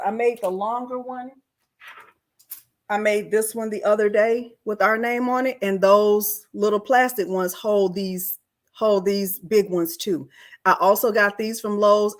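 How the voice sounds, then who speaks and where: A woman's voice: mid-range voice, fairly even intonation, normal speed. A woman hosting a live-streamed craft tutorial, chatty and friendly, greeting viewers by name and often saying "y'all". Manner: Southern-style "y'all".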